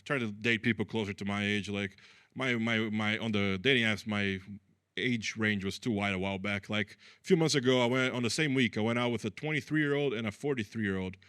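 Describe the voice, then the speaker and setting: A man's voice: lowish voice, fairly quick, a bit bright, smooth, no room sound, studio quality. A man from Brazil doing a chatty, self-deprecating stand-up comedy set, acting out the people in his stories. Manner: chatty, self-deprecating, acts out quoted voices.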